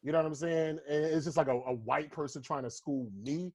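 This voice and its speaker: A husky-voiced American man riffing loosely on a podcast, profane and rambling. His voice sits a little high for a man, and he jumps into mocking voices when he tells a bit. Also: fairly even intonation, a little fast, darkish tone. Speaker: podcast co-host, comedian. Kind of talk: casual podcast banter.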